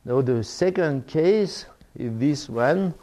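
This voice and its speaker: An older Frenchman gives an academic lecture in English, his speech halting and full of fillers and restarts. His voice is medium in pitch, expressive and mellow.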